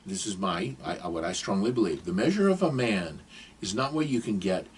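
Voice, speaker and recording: A man's voice: low voice, lively intonation, moderate pace, slight background noise. An older man giving advice in a casual, rambling, digressive monologue to camera.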